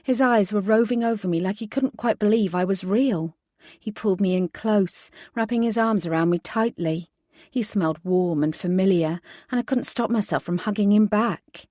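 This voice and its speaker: A woman's voice: mid-range voice, mellow, dry recording, clean studio sound. A woman reading a first-person audiobook, narrating steadily and giving the heroine's lines emphatic force. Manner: measured narration with emphatic dialogue.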